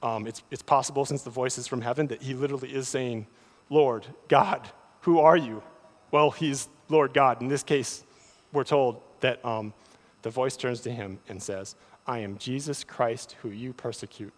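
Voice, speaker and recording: A man preaching a sermon, often repeating words as he starts a thought, with animated delivery. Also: medium pitch, normal speed. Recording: long hall reverb.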